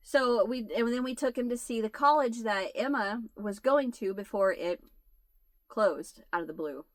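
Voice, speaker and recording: A woman's higher-pitched voice moves at a moderate pace with no echo. She's an American channel host in her forties, laughing as she shares a long, humorous family story with her viewers in a casual chat.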